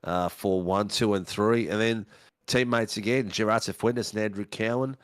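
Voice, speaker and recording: A man's voice: lowish voice, moderate pace, dry recording, clean studio sound. A man as a casual co-commentator, chatty and loose, calling his partner mate and filling gaps with ums. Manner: relaxed and chatty, says mate, many ums and uhs.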